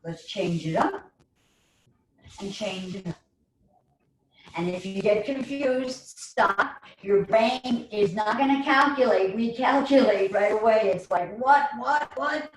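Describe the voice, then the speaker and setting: A woman with a New York accent leading a guided chair yoga class online, giving slow, soothing cues with playful asides. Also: mid-range voice. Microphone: online video call. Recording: roomy, distant mic, faint noise.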